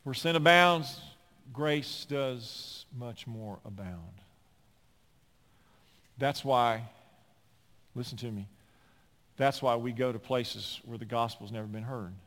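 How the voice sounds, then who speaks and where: A man preaching a sermon as a pastor, animated and climbing at times to near-shouting. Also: mid-range voice, slow pace, pauses often. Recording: long hall reverb.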